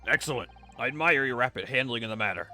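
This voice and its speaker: A man's voice: mid-range voice, expressive, fast talker, sharp tone, soft background music. A man voicing a formal older male judge in a fan dub, speaking in a stately way.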